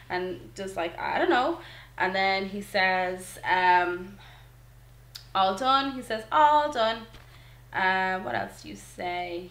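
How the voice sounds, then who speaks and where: A young woman, chatting casually to camera about her toddler, relaxed and full of ums and likes. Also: medium pitch. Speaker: mother vlogger. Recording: echoey room.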